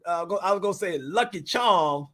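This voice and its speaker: A man with a high voice jokes around on a casual comedy talk show. He boasts playfully and talks in quick bursts. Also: expressive, a bit bright. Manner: joking, boastful, fast bursts. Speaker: guest, brother of the host.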